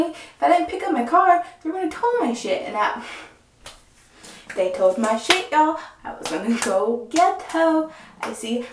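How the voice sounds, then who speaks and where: Brief: young woman, lively cursing storyteller, recorded off-mic in a roomy space. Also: on the high side, distant mic, slight background noise. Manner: animated, profane, chatty storytelling. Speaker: vlogger. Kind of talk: casual storytime. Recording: echoey room, voice off-mic.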